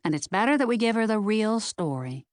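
A woman's voice: medium pitch, expressive, fairly quick, no room sound, studio quality, pitched above the performer's own voice, natural voice. A woman voicing a defensive, flustered woman who has been caught having an affair.

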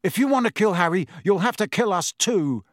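A man's voice: high-pitched, expressive, a little slow, no room sound, studio quality, pitched above the performer's own voice. A man doing a fierce, injured teenage boy. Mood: defiant. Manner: fierce, strained, defiant. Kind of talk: audiobook character voice.

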